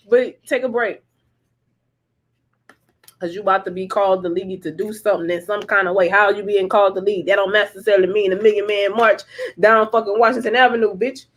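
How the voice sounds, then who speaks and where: A woman's voice: mid-range voice, moderate pace, fairly bright tone. Profane, rambling woman tarot reader. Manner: profane, rambling, laughs often; emphatic, repeats herself for effect. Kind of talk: casual livestream tarot chat.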